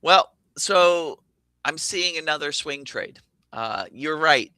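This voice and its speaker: Male trading host, bright and crisp, energetic and chatty, recorded dry and close. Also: a little high, slow pace, dry recording. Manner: energetic, enthusiastic, thinks aloud with fillers. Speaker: show host, options trader. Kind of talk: explaining trades on charts.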